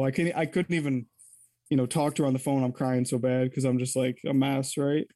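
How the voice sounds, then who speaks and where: Guy telling a story in an interview, rambly and candid, warm low-key voice, dry close sound. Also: little pitch movement, normal speed, no room sound. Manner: candid, rambling, self-correcting. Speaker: interview guest. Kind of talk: casual personal storytelling.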